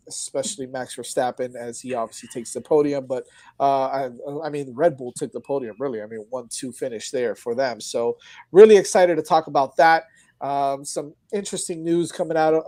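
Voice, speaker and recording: A man's voice: mid-range voice, darkish tone, dry recording. A man hosting a casual sports podcast, talking in an upbeat, rambling way with many restarts. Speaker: podcast host. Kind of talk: casual chat.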